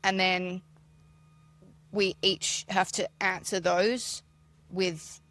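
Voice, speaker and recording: A woman co-hosting a podcast in casual chat, bubbly and quick to laugh. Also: fairly low pitch, little pitch movement, fairly bright tone, no room sound. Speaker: podcast co-host.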